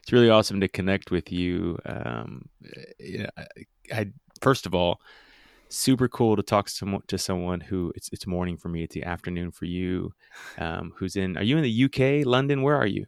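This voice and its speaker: A man with a low, gravelly voice hosts a casual podcast interview. He rambles a little and stumbles over repeated words as he starts a thought, recorded close and dry. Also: normal speed, no room sound. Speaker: podcast host.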